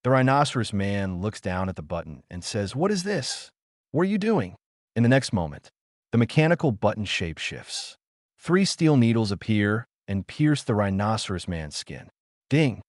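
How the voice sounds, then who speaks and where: A man's voice: on the low side, lively intonation, moderate pace, dry recording, clean studio sound. A man narrating an audiobook in a dramatic style, calling out sound effects with punch. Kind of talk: audiobook narration of a fan novel.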